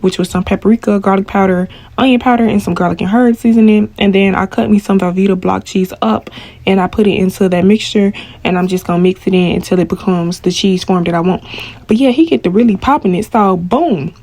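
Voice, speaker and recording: A young woman telling a story to viewers while she cooks, animated and full of slang. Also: mid-range voice, fairly quick, no room sound. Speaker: cooking vlogger.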